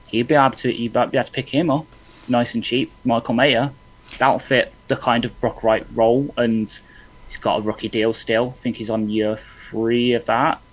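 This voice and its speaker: Man, podcast co-host, casual, thinks aloud, mid pitch. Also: little pitch movement, normal speed, rough recording. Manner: loose, thinking-aloud analysis with restarts.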